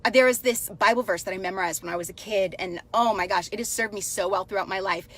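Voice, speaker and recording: A woman's voice: medium pitch, quick pace, a bit bright. A woman in her thirties coaching live and talking straight to her viewers in a chatty, upbeat way. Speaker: life coach hosting a live stream. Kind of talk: casual live-stream coaching talk.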